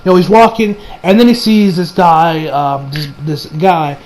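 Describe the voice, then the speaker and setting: A man's voice: on the high side, animated, normal speed, a little mellow, low-quality recording. A young man giving a casual, rambling anime review, full of slang and frequent laughter.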